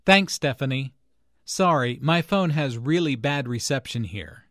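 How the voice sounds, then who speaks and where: A man's voice: mid-range voice, lively intonation, measured pace, a bit bright, no room sound, studio quality. A man voicing an apologetic caller who keeps asking the other person to repeat, in a scripted dialogue. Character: apologetic man on a bad phone call.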